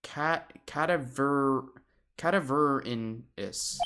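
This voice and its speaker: A woman's voice: extremely low pitch, slow, heavy background noise. A woman hosting a game playthrough, making joking, sarcastic asides.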